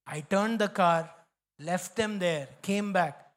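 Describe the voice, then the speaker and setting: Emphatic Indian pastor preaching. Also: male voice, high voice, unhurried. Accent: Indian English. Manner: emphatic and repetitive, mixes in Hindi. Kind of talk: sermon.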